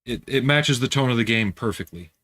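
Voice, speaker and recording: A man talks in an easygoing, chatty way as he hosts a casual livestream from his home workspace. He answers viewers' comments while he works, and his voice sits in a middle pitch. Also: expressive, brisk, fairly bright tone. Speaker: livestream host building scale models.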